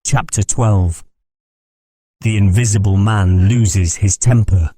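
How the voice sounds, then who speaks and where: A man narrating an audiobook in a measured, steady reading. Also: fairly low pitch, slightly rough, no echo, studio quality.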